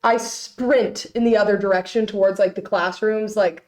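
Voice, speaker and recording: A young woman in her late teens, co-hosting a student podcast and telling an animated story full of "like". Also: mid-range voice, normal speed. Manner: animated storytelling, heavy use of "like". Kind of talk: casual chat.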